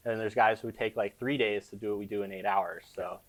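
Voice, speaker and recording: A man's voice: lowish voice, fairly even intonation, a little fast. A young man from the Boston area, a car detailer talking casually as an interview guest at a car shop, rambling with lots of fillers.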